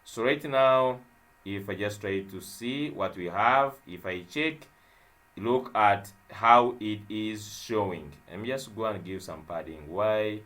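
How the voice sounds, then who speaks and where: A young man walks through a coding tutorial in a low voice. He talks slowly and thinks aloud as he types, with frequent fillers and repeated phrases. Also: a bit bright. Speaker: web development tutor. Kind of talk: screen-share coding tutorial.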